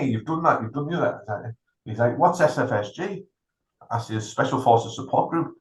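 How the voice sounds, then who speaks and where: A middle-aged man tells a long anecdote as co-host of a podcast, acting out the people in it. His voice sits at an ordinary male pitch. The room around him adds a roomy echo. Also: fairly quick. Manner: animated anecdote-telling, acts out other people's lines. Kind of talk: casual storytelling.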